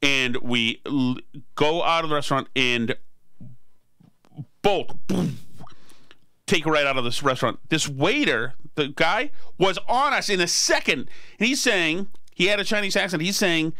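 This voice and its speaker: A man's voice: sits high, sing-song, moderate pace, pushed and bright, dry recording. A man in his forties hosting a podcast who tells a story in a rambling, self-deprecating way. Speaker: podcast host. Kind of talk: casual storytelling chat.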